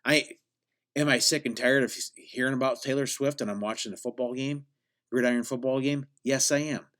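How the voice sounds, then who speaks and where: A man hosting a solo podcast, talking sarcastically in a meandering, deadpan way with many restarts. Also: mid-range voice, brisk. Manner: mock-grandiose hype at the opening. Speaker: podcast host. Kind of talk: rambling solo podcast monologue.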